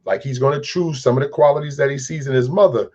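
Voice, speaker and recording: A fast-talking man with a medium-pitched, darkish voice gives earnest interview talk, though the recording is muffled. He speaks as a crisis specialist and mentor, sharing stories and preaching about feelings with acted-out quotes.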